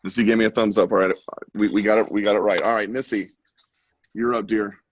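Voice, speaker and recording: A man with a deep, low voice hosts a casual online art class, keeping up a playful, joking commentary as people draw. He talks over a video call and the sound is close and dry, with no room echo. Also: steady tone, fast, dull audio. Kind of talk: casual live-stream teaching.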